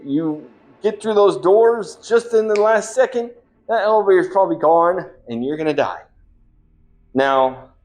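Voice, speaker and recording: Stammering, higher-voiced man in role-play. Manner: stammering, repeats words. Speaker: gaming channel host. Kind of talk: comedic in-character role-play.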